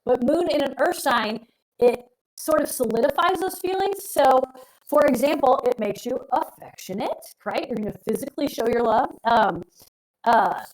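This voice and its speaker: Middle-aged woman, astrologer co-host, rambly and emphatic, voice sits a bit high. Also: expressive, moderate pace, rough recording. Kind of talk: casual live-stream chat.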